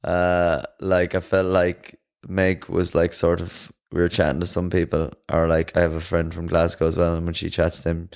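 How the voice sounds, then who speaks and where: Man, very low voice, laid-back, casual podcast chat. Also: monotone, moderate pace, creaky, hardly any pauses, a little mellow, clean tone. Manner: laid-back, swears casually, explains at length. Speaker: podcast co-host.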